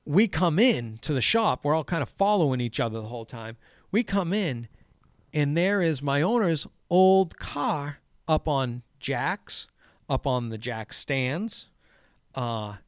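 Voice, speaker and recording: A man tells a rambling story in casual chat, swearing freely and acting out the shouted lines. His voice sits at an ordinary middle pitch. The recording is dry and close, with no room sound. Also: dry recording. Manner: profane, animated, acts out shouted quotes. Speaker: golf course superintendent.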